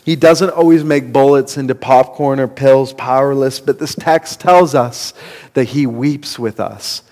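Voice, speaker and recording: A man's voice: mid-range voice, a little slow, darkish tone. A man preaching a sermon as a pastor, earnest and building to impassioned emphasis. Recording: long reverb of a hall.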